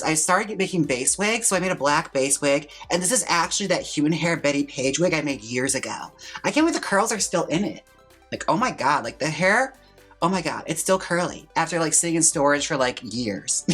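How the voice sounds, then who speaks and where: Husky-voiced campy drag queen vlogger. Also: on the high side, a bit bright. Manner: chatty, campy, theatrical asides. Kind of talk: casual makeup tutorial chat.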